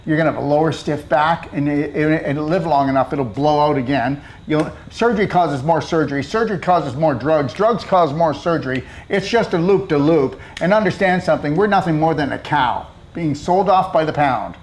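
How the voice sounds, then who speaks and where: A man hosting a casual health talk, his voice sitting a little high for a man. He is blunt and preachy, driving each point home with emphatic repetition and rhetorical questions. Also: normal speed, few pauses, a little hiss or hum. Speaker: host.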